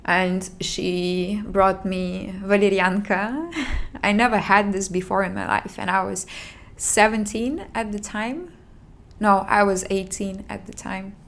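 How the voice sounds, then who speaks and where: Slow, gravelly-voiced young woman telling a story. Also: mid-range voice. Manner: halting, emotional recounting with restarts and soft sighs. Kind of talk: personal storytelling.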